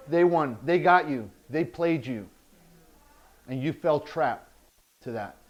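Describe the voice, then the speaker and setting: A man's voice: high voice, a little mellow, dull audio. A man teaching a workshop, blunt and emphatic, repeating his key points. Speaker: workshop instructor.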